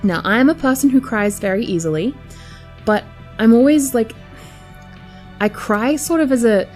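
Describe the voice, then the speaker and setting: A woman's voice: a little high, animated, normal speed, darkish tone, faint music behind. A young adult woman telling a personal story to camera, candid and chatty with lots of filler words. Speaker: vlogger.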